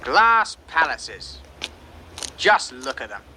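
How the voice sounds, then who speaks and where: A man's voice: medium pitch, big pitch swings, takes it slowly, sharp tone, slight background noise, full character voice. An eager, ambitious young man. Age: young adult. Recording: film soundtrack, distant from the mic.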